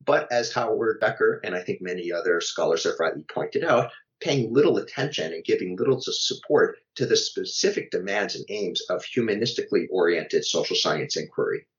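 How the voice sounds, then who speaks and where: A man, an author and guest, giving measured academic answers in an interview, with fillers and restarts. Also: low-pitched, muffled recording.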